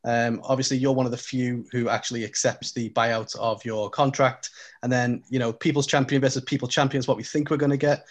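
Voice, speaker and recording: A man's voice: medium pitch, level tone, brisk. A man hosting a wrestling interview show, asking questions in a casual, hesitant way with many restarts.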